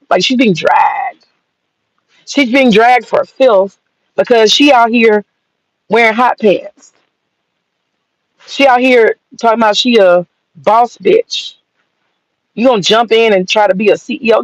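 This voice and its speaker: A woman's voice: a little high, lively intonation, a little slow, pauses often, dry recording. A woman ranting bluntly and mockingly, profane and sassy. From American South. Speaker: commentator. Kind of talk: profane opinion rant. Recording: dull lo-fi dry sound.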